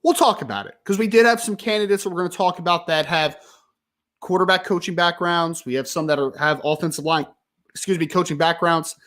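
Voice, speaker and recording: A man hosting a live sports talk stream, ranting with frustration and emphasis, apologizing and calming down, then reading viewer questions. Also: high-pitched, a little fast. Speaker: sports podcast host.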